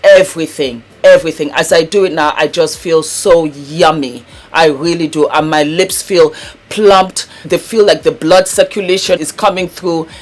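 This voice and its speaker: A woman's voice: sits low, steady tone, unhurried, faint music behind. A woman hosting a beauty vlog in a casual, effusive, chatty way, often calling her viewers darling and breaking into laughter. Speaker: beauty vlogger and host.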